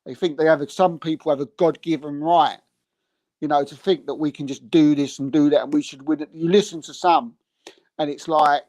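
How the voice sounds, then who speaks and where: A man chatting casually about football as a podcast co-host, animated and given to mocking other fans. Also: a little high, fairly quick. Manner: animated, mocks other fans in put-on voices. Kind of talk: casual chat.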